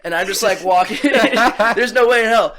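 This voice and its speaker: A man's voice: high voice, quick pace, crowd noise. Rambling laughing young man. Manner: rambling, laughing, lots of "like" and "dude". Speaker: podcast guest. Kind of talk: casual chat, storytelling.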